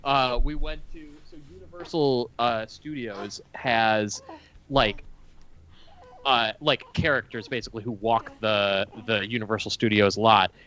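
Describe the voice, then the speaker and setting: A man's voice: lowish voice, a little slow, bright, forceful tone. A man co-hosting a call-in talk show, talking casually and hesitantly with many fillers. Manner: hesitant, lots of "uh" and "like". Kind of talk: casual chat over a video call.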